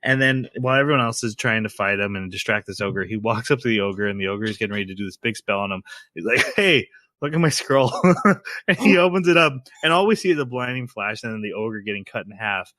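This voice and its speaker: A man's voice: fairly low pitch, animated, fast talker, bright, forceful tone, dry recording, studio quality. Laid-back man recapping anime scenes. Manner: rambling, laughs while retelling scenes. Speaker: podcast co-host. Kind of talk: casual chat recapping an anime episode.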